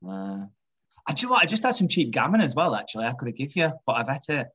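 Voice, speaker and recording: Lively man in casual chat. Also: mid-range voice, fast talker, breathy edge, muffled recording. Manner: lively, acts out quotes in character voices. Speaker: podcast co-host.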